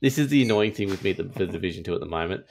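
Male podcast host, low and gravelly, chatty and excitable. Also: racing, slight background noise. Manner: chatty, excitable, lots of fillers. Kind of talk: casual gaming podcast chat.

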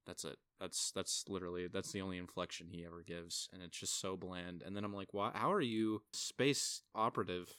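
A young man with a smooth, resonant, fairly low voice talks through a movie with a friend. He is lively, and his pitch leaps up whenever he acts out what he was thinking. The recording is close and dry, with no room sound. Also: normal speed, no room sound. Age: young adult. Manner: animated, acts out his own reactions with big jumps in pitch. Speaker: podcast co-host. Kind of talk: casual film review chat.

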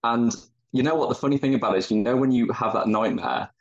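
A man with a mid-range voice talks at a quick pace as a guest on a podcast, explaining things in a reflective, rambling way during casual chat. The audio sounds dull and muffled.

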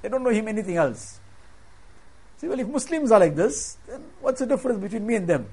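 Earnest male preacher, measured delivery. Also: sits high, lively intonation, a little mellow, husky. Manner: earnest, measured storytelling with Arabic religious terms. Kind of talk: sermon.

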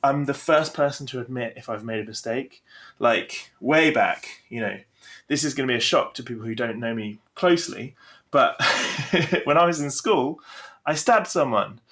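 A young man, a podcast co-host and game master, chatting casually with animated, self-deprecating storytelling. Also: mid-range voice, normal speed.

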